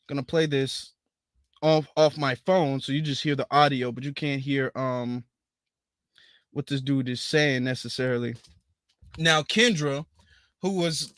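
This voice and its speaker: A man hosting a casual livestream. He has a high, bright voice and talks in an emphatic, indignant way, hammering the same points again and again. The sound is dry and close. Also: dry recording. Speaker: livestream host.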